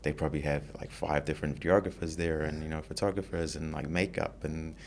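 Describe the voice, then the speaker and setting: Very deep-voiced easygoing male guest. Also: quick pace, a little hiss or hum. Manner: relaxed, easygoing, says 'you know' often, laughs lightly. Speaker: guest, content creator. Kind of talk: casual interview chat.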